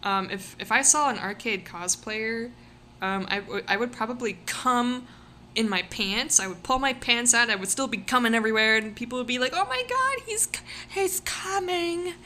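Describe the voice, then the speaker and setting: A woman's voice: a little high, normal speed, sharp tone, a little hiss or hum. A young woman streamer chatting casually and rambling, giggling often, with lots of fillers and a slightly sore voice. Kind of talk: casual live-stream chat.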